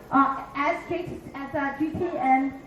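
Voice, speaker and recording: Brash, high-voiced woman in her fifties. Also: fairly bright tone, a little hiss or hum. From Philadelphia. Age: 50s. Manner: brash, profane, punchy delivery with acted-out asides. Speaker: stand-up comedian. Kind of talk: stand-up comedy set. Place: dive bar stage. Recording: echoey bar room.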